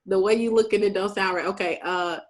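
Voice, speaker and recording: Animated young woman telling stories. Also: mid-range voice, fairly quick. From Shreveport, Louisiana, USA. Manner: animated, plays out conversations in quoted voices. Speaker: guest. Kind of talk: casual storytelling chat.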